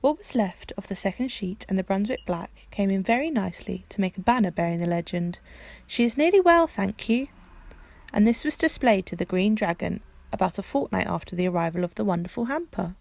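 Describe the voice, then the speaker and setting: A woman, hosting a library storytime and reading a children's book aloud in a calm, clear way. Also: mid-range voice, fast talker, hardly any pauses.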